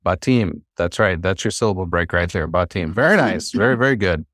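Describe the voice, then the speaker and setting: A man's voice: sits low, lively intonation, fast, fairly bright tone, no echo, studio quality. A man teaching a classroom lesson, patient and encouraging, with many fillers. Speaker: Hebrew teacher.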